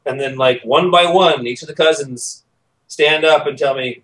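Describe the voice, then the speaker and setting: Animated man telling a story. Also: fairly high pitch, normal speed, far from the mic, low-quality recording. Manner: animated, acts out quoted voices. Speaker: podcast guest. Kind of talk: casual storytelling.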